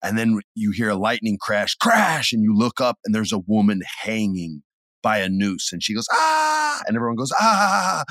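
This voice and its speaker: A middle-aged man with a fairly low voice tells stories on a podcast, relaxed and chatty, then suddenly acts out the scene with loud bursts. His voice sounds close and dry, with no room around it. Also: brisk, no echo. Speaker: podcast co-host. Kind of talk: casual chat.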